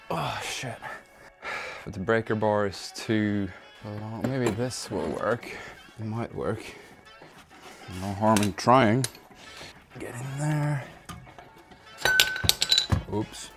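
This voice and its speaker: With soft music playing behind him, a Swedish man, native in Swedish, mutters, curses and grunts through casual self-talk while fixing his car for his car-project vlog. His voice is fairly low, and he speaks extremely slowly, pausing often.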